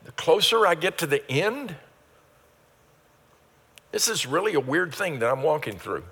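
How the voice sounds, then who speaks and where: Older male pastor, fairly high bright voice, earnest sermon with rising emphatic peaks, church hall reverb. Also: expressive, a little slow, breathy edge.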